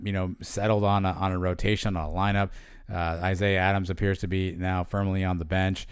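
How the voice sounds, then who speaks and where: A man co-hosts a sports podcast in a casual, chatty way, full of fillers and restarts. His voice is low and smooth. It sounds close and dry, with no room around it. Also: no room sound. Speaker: podcast co-host.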